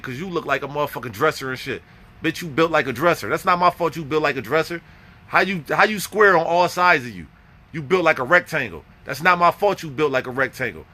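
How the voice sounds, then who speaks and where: A young man tells a rough, profane story in casual talk, acting out his own lines and roasting people bluntly. His voice sits a little high, and its tone is sharp and forceful throughout. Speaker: vlogger telling prison stories.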